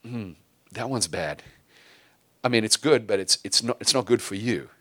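A man voicing God as a patient, fatherly figure who talks to Adam softly and coaxingly. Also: fairly low pitch, expressive, moderate pace, no echo.

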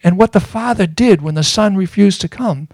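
A man giving a sermon as a Bible teacher, earnest and explanatory, pausing often with fillers. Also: sits high, creaky, a little mellow, no echo.

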